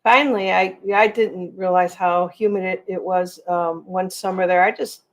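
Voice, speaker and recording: A woman's voice: fairly low pitch, fairly even intonation, normal speed. A middle-aged woman hosting a casual livestream, rambling and reading out viewer comments. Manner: rambling, chatty, reads viewer comments aloud. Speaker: livestream host.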